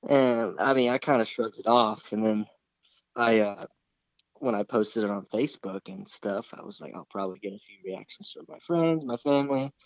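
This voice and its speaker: Young man, lowish voice, rambling casual storytelling, many restarts, dry slightly dull sound. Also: normal speed, no echo. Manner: rambling, full of restarts and fillers. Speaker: interview guest, hunter.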